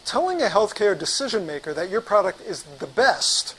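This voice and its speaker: A man teaching sales, telling an animated story as a lesson. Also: high voice, normal speed, poor audio. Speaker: sales trainer.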